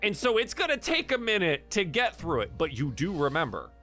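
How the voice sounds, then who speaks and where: A man's voice: on the high side, wildly swooping pitch, fairly quick, pushed and bright, faint music behind. A man narrating a tabletop game as dungeon master, casual and full of fillers.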